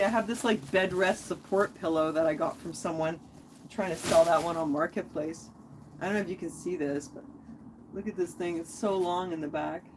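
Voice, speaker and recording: A woman's voice: on the low side, darkish tone, a little hiss or hum. A woman hosting a casual live stream, talking in a rambling, chatty way that jumps from topic to topic.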